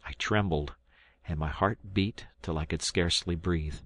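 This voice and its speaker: Very deep-voiced man narrating an audiobook. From South Carolina, United States. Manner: measured, steady reading that lifts into dialogue. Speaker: volunteer audiobook reader.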